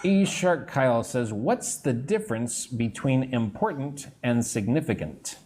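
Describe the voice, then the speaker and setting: A man teaching English on a live stream, modelling phrases slowly and greeting viewers between sentences. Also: mid-range voice, dark tone, a little hiss or hum. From United States. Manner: slow, deliberate modelling of phrases, chatting with viewers.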